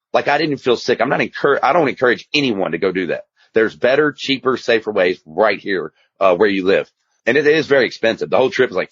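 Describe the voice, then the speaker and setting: A man's voice: fairly low pitch, dry recording. A man, a guest telling his story in a candid, rambling, emphatic way. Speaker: guest, addiction specialist and author. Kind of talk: casual storytelling interview. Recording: slightly muffled dry recording.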